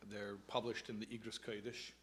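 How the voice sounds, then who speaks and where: Thoughtful man talking haltingly. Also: lowish voice, little pitch movement, a bit bright, slight background noise. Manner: thoughtful, halting, many fillers and restarts. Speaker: rabbi and advice columnist. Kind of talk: conversational talk, reading aloud.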